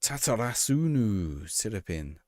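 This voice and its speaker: Man, game streamer, chatty live commentary, low voice, very expressive, dry close sound. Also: measured pace, no room sound. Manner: chatty, reacts to the game and answers chat.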